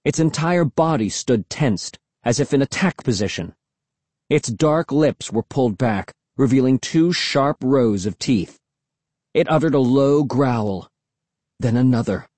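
A man reading a first-person story aloud in a lively, expressive way. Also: mid-range voice, unhurried, dry recording. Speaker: audiobook narrator.

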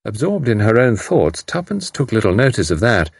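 Male audiobook narrator, low husky voice with lively intonation; measured. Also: dry recording, studio quality.

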